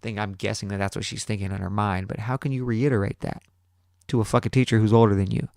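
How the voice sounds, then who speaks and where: A man's voice: on the low side, level tone, fast talker, gravelly, darkish tone, dry recording, studio quality. A man in his thirties hosting a podcast, telling a rambling, profane story with frequent restarts. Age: 30s. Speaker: podcast host. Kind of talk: casual storytelling.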